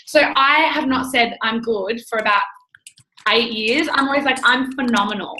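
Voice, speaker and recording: Young woman in her twenties, effusive and chatty, bright forward tone, echoey room. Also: on the high side, moderate pace, a little hiss or hum. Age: 20s. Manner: bubbly, effusive, acts out quoted talk. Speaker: guest entrepreneur. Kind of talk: casual call chat.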